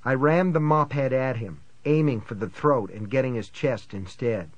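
A man narrating a first-person thriller audiobook in a tense, measured storytelling manner. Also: medium pitch, no room sound, highs cut off.

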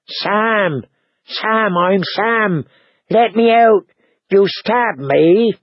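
Man doing a frightened fat young man, high pleading voice, husky, sobbing, dull lo-fi recording. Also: animated, takes it slowly, no room sound, full character voice. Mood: panicked.

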